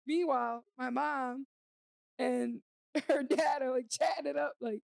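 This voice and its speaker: High-voiced woman telling a chatty podcast story. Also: unhurried, gravelly, no room sound, studio quality. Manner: animated, chatty, many filler "like"s. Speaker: podcast co-host.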